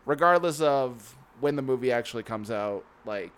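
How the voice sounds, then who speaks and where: A man's voice: mid-range voice, animated, moderate pace, a bit bright. A man hosting a casual gaming news podcast, sarcastic and swearing now and then. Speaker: podcast host.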